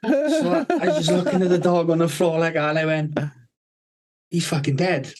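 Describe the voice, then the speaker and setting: A man, hosting a podcast, who tells a rambling, animated story, swearing constantly and laughing partway through. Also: fairly high pitch, brisk, rough recording. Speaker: podcast host. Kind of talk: casual storytelling chat.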